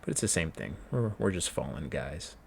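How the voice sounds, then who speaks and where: A man's voice: extremely low pitch, very animated, normal speed, creaky, husky. A man chatting casually at home while studying and gaming, rambling with self-mocking asides. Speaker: vlogger studying for an exam.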